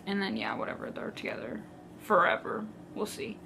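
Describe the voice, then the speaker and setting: A young woman chatting casually as a book vlogger, animated and dramatic, with lots of filler "like"s. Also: medium pitch, moderate pace, creaky, a little hiss or hum. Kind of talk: casual chat.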